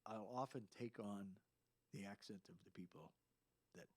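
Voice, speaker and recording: A man's voice: fairly low pitch, normal speed. A man hosting a casual chat, telling rambling anecdotes. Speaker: host.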